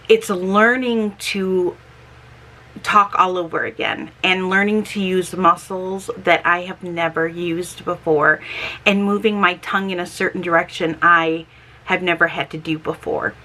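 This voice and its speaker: A chatty middle-aged woman talks in a casual vlog, her voice bright and forward. She speaks slowly and carefully, and her S sounds come out slightly slurred and lisping from her dentures. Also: fairly low pitch, fairly even intonation. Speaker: homestead vlogger.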